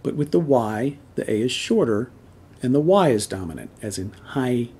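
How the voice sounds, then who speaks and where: A man's voice: medium pitch, sing-song, normal speed, dark tone, a little hiss or hum. A man giving a recorded pronunciation lesson, explaining step by step with patience and drawing out sounds as demonstrations. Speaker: language teacher.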